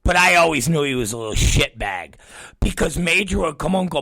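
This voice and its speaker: A middle-aged show host with a fast, creaky, somewhat high voice tells a profane story in a dry recording. He's animated, swears constantly, and acts out the voices of the people involved.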